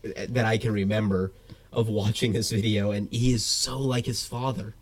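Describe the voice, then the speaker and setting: A man's voice: lowish voice, steady tone, moderate pace. Chatty man with a head cold. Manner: chatty, laughs often, drifts into tangents. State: getting over a head cold. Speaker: podcast co-host. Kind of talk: casual podcast chat.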